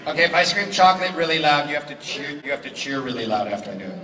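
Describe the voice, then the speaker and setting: A middle-aged man answers questions at a convention panel with a jokey, animated way of telling stories. His voice sits slightly high and is heard from far off across a reverberant hall. A loud crowd fills the space around him. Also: racing. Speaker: voice actor panel guest. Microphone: far from the recording device.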